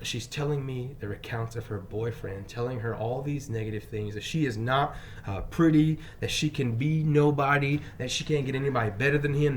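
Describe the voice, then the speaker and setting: A man's voice: mid-range voice, slight background noise. Emphatic male teacher telling a story. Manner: emphatic, swings between loud bursts and quiet asides; frequent fillers and restarts. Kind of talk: personal storytelling monologue.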